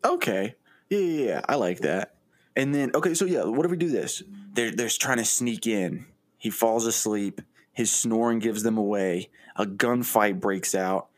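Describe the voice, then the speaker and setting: A man's voice: fairly low pitch, animated, unhurried. A young man co-hosting a podcast, chatting casually, laughing often and acting out characters. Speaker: podcast co-host. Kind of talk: casual brainstorming chat.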